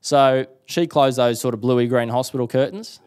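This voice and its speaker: A man's voice: mid-range voice, normal speed. A young Australian man telling a personal story in a casual interview, acting out what people said. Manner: animated storyteller acting out quotes. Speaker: guest.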